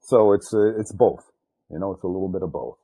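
An older man, a retired drug agent, telling a tense undercover story in an interview, profane and animated. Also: fairly quick, slight background noise. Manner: animated, jumps loud and high acting out quotes; profane, street-style speech.

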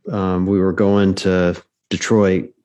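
A man's voice: low-pitched, little pitch movement, takes it slowly, darkish tone. A man in his forties, co-hosting a podcast, telling a story in a laid-back way with dry humor and frequent "um"s. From United States. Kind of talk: casual storytelling chat.

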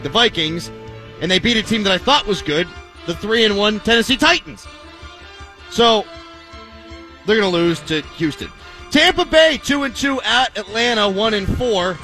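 A man's voice: sits high, sharp tone. A male radio host picking football games with wry, enthusiastic commentary. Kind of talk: sports talk radio.

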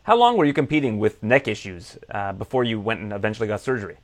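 A man conducting an interview, asking questions in a brisk, conversational way. He talks quickly, moving through each question at a rapid clip. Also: lowish voice, sing-song, no echo.

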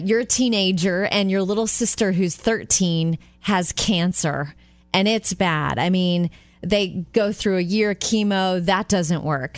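Animated female radio co-host. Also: fairly low pitch, no room sound. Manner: animated storyteller, acts out quoted voices. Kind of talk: morning radio chat and storytelling.

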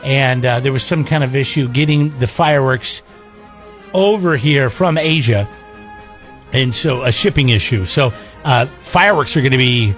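A man co-hosting a morning radio show, bantering casually and jumping into comic voices. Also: on the high side. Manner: animated, breaks into comic put-on voices. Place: radio studio. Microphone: studio microphone.

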